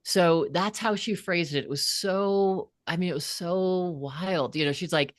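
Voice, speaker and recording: Her voice is on the low side and unhurried, with few pauses. The recording is clean studio quality without echo. As an author guest in an interview, she shares a personal story earnestly and animatedly, dramatizing the voices she quotes.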